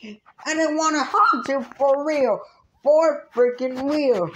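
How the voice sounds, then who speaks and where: A woman's voice: high voice, takes it slowly, slight background noise, poor audio. A woman giving an indignant review rant, swearing freely. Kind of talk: ranting review vlog.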